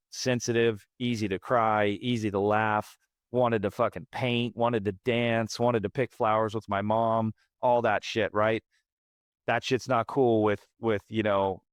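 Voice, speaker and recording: With a fairly low voice, a frontman in his late thirties tells a raw story about his life as a podcast guest, swearing freely, speaking emphatically, and often repeating himself. Clean studio sound, no room noise.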